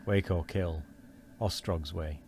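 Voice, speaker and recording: Wheezy old man, fearful and gossipy, deep and dark, read by a man; faint hiss. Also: steady tone, slow. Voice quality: wheezy, quavering.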